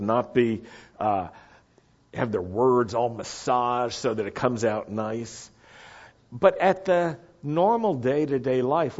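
A man preaching a sermon, slow and deliberate, repeating key phrases for the congregation to say back. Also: mid-range voice, slightly rough, lo-fi sound. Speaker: pastor.

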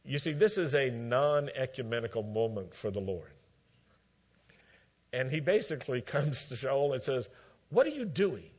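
A man preaching a sermon, retelling scripture with emphatic, measured storytelling and dry asides. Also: mid-range voice. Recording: dull lo-fi recording.

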